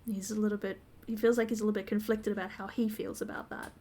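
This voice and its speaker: Podcast lady walking through an episode scene by scene, lots of ums, mid-pitched voice. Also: little pitch movement, fast, dark tone. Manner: detailed, step-by-step retelling with frequent ums. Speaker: podcast co-host. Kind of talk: casual TV episode recap chat.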